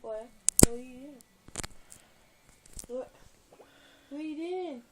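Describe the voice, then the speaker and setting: Brief: high, slow-talking young woman, tired and rambling, giggly outbursts, phone-recorded at home, faint background hiss. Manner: drowsy, rambling, bursts into giddy laughing fits. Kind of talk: casual home video chat.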